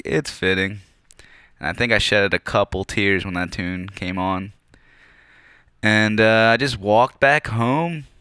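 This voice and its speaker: Young man, casual rambling story, profane, lots of fillers, crisp clear voice, dry sound. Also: lowish voice, bright, forceful tone, dry recording.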